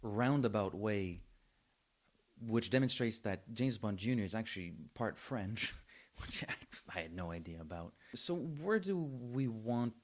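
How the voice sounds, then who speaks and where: A man's voice: fairly low pitch, animated, measured pace. A man co-hosting a podcast, chatting casually with wry jokes. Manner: wry, joking. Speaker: podcast co-host. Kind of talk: casual chat.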